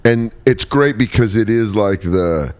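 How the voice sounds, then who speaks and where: A man from Colorado, a guest comedian chatting casually on a podcast, telling animated stories full of swearing and quick impressions. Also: fairly low pitch.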